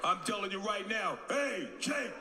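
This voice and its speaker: A man doing an impression of a cool, smooth-talking male film star who speaks slowly and persuasively. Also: high-pitched, expressive. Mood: menacing. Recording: loud noisy live club recording.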